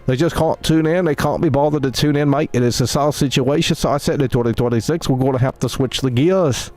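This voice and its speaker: A man's voice: mid-range voice, a little fast, a little mellow, natural voice. A man putting on a chummy mock British bloke. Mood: grumbling. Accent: put-on British. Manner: exaggerated, repeats "mate" and "bloody hell". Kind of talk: live-stream accent bit.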